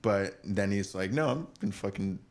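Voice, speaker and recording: A man's voice: low-pitched, moderate pace. A young man co-hosting a podcast, chatting casually about a reality show and acting out people's lines in exaggerated voices, often laughing. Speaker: podcast co-host. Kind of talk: casual reality-TV recap chat.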